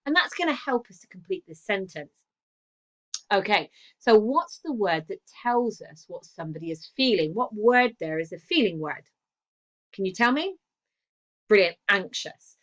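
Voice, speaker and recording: A woman's voice: mid-range voice, fairly bright tone. A woman English teacher giving a recorded lesson. She explains step by step, asks the class questions and praises their answers.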